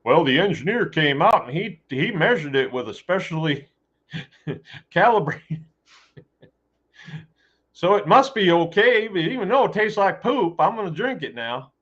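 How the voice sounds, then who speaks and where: A man's voice: high voice, sing-song, a little slow, long pauses, fairly bright tone, breathy edge, dull audio, pitched above the performer's own voice, full character voice. A man putting on a mocking Southern accent to play a gullible, dim-witted rural man. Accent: put-on Southern US. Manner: mocking drawl.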